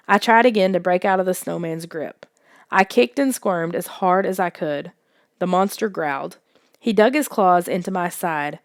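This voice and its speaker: A woman narrates a children's suspense story, reading softly with a hushed, tense hold on the quiet moments. Her voice sits at a middle pitch, and the recording is bone-dry and close with no room sound. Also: normal speed, no room sound. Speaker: audiobook narrator. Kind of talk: scripted audiobook narration.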